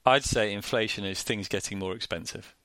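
A man with a Northern English accent co-hosting a finance chat, explaining things in a plain, measured way. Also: lowish voice, fairly bright tone. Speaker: co-host.

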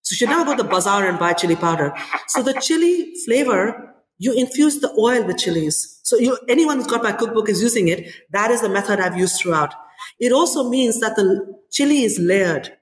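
A woman in her forties, a chef and restaurant owner, talking in an interview in an animated storytelling way with many "you know"s. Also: a little high, brisk. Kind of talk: interview conversation. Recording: echoey room with long reverb.

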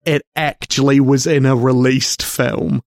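A man co-hosting a film podcast in casual discussion, talking haltingly and wryly as he searches for words. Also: mid-range voice, little pitch movement, no room sound.

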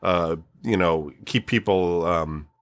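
A man in his forties in casual conversation, rambling and frank, swearing freely and filling pauses with "um" and "like". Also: sits low. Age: 40s. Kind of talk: casual chat.

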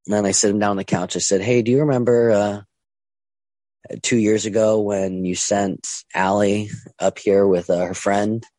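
A young man telling his own story casually, halting with many ums and restarts and acting out what others said. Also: on the low side, flat delivery, a little mellow, no echo. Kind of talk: casual first-person storytelling.

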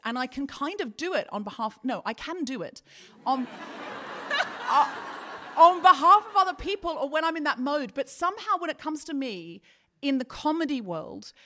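A woman's voice: high voice, fairly bright tone. A woman co-hosting a live comedy podcast on a theatre stage, telling a self-mocking story in a chatty way. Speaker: podcast co-host.

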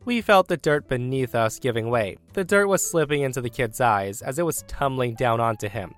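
Man, storyteller, steady scripted narration, middle pitch, faint background music. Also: moderate pace.

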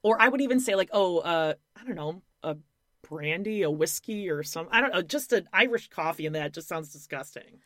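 This podcast co-host has a lowish voice and talks briskly, recorded in clean studio sound without echo. Recapping a reality show in casual chat, she's blunt, animated, and mocking, with lots of swearing and laughter.

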